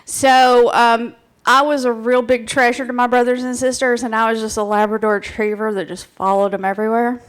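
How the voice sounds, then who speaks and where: High-voiced woman doing crude comic talk. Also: fairly quick, hardly any pauses, smooth. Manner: playful, crude and excitable, chats with the crowd. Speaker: presenter at a live bar show. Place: bar stage with live audience.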